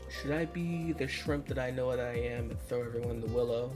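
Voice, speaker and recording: A man's voice: medium pitch, brisk. A man hosting a casual live stream, playful and self-mocking, laughing often. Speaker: streamer host. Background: background music.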